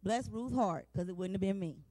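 A woman's voice: medium pitch, normal speed, mellow, no echo. A woman in her forties preaching a sermon, passionate and emphatic, with repeated refrains and a plain, down-to-earth way of talking straight to the congregation. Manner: colloquial, talks straight to the congregation. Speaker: women's day speaker.

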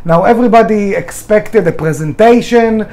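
A man's voice: high voice, normal speed, warm tone. A middle-aged man, a restaurant owner telling his story with passion, emphatic and swearing freely, in English. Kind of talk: storytelling in a conversation.

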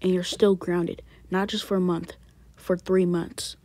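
A woman voicing a stern, worried father who scolds his teenage son in hushed late-night whispers, in a one-person family skit. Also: lowish voice, level tone, measured pace, slight background noise, natural voice. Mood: scolding.

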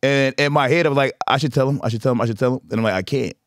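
A man's voice: medium pitch, very fast, dry recording, studio quality. A middle-aged man hosting a casual comedy chat, telling stories with lots of laughter and acted-out quotes. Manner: animated storyteller, laughs often, acts out quotes. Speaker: podcast host.

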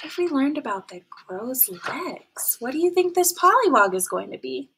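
Woman storyteller for children: animated picture-book read-aloud, very lively pitch, slightly high voice. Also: normal speed, vocal fry, few pauses, breathy edge. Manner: animated, asks the children questions.

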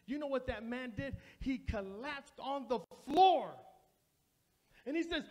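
A man's voice: very high voice, lively intonation, a little slow, darkish tone. A male pastor preaching a sermon in a church, speaking straight to the congregation in a repetitive preaching cadence. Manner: addresses the congregation directly. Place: church sanctuary.

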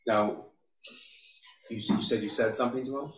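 A man questioning a witness in a courtroom, with measured, methodical questions. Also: medium pitch, fairly even intonation. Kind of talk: courtroom examination. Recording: roomy courtroom audio, distant mic, faint hiss.

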